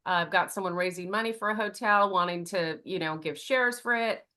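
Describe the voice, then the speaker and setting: Bright assertive woman on a call. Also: lowish voice, a little fast. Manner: assertive, energetic. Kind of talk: casual group call talk.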